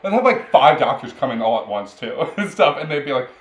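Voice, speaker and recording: A man's voice: medium pitch, very animated, a little fast, dull audio. A young man on a podcast, rambling through a story and laughing often as he goes. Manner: laughs often while telling stories, rambling. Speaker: podcast co-host. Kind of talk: casual storytelling chat. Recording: roomy echo with faint background noise.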